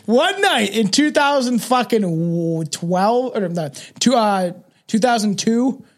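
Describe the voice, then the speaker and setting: A man's voice: sits high, lively intonation, takes it slowly. A man in his thirties from Canada, hosting a podcast as casual chat, rambling through stories with lots of fillers and laughs. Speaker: podcast host.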